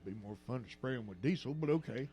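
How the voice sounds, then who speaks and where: An older male radio host talks through a morning show in a loose, joking way and leans on fillers as he goes. Faint music plays quietly behind his voice in the studio. His pitch sits in the middle range for a man. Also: expressive, quick pace, husky. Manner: joking, rambling with many fillers. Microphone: studio microphone.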